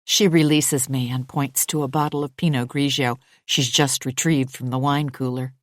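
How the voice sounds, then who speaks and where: A woman narrating a first-person thriller audiobook in a measured, controlled way. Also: rumbling low, steady tone, dry recording, studio quality.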